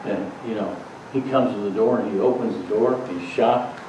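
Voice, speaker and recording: A male pastor preaching a sermon in a relaxed, conversational storytelling way. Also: on the low side, normal speed, background noise. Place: church sanctuary. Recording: echoey sanctuary, distant dull mic.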